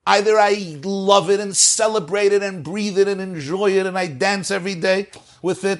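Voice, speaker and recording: A man teaching a Torah lecture as a rabbi, animated, swinging between soft asides and emphatic declarations. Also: sits high, moderate pace.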